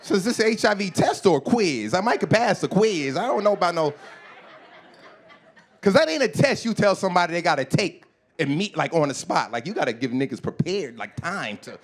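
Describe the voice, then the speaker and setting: A man in his forties works a comedy club stage with a lively, swooping delivery that sits a little high for a man. He is profane and animated, acts out characters and shouts his punchlines. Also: fairly quick. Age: 40s. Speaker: stand-up comedian. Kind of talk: stand-up comedy set.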